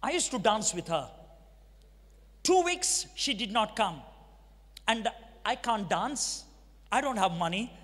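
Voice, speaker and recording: A middle-aged preacher with a Telugu accent and a strikingly high voice, telling his story to a crowd and acting out every exchange. His words ring through a big hall with a long, lingering echo. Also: very animated, slow pace, long pauses, fairly bright tone. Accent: Telugu-accented Indian English. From Andhra Pradesh, India. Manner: storytelling, acts out dialogue, asks the audience questions. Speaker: preacher giving his testimony. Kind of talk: dramatic testimony sermon. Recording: long reverb of a large hall.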